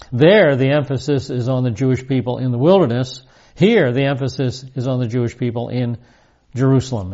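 Mellow-voiced man teaching verse by verse. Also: mid-range voice, highs cut off. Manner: measured, explanatory, reads scripture aloud then restates it. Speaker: Bible teacher.

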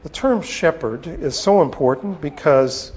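A man teaching a sermon on scripture, with a slow, deliberate delivery and pauses. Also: a little high, expressive, a little mellow. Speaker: preacher. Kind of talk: expository Bible teaching. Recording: long reverb, dull lo-fi sound.

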